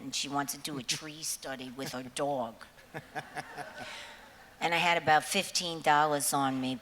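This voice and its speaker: A woman's voice: a bass voice, a bit bright. A woman in her seventies telling rambling stories to a concert audience. She laughs often and swears freely. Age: 70s. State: nervous before going on. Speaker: singer addressing a concert audience. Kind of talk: rambling onstage storytelling. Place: large concert hall with an audience. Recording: echoey hall with faint hiss.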